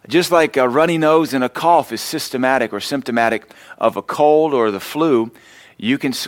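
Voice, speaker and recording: With a medium-pitched voice and no room sound, a man pastor teaches a sermon lesson in a conversational style. He weaves scripture together with personal stories that poke fun at himself.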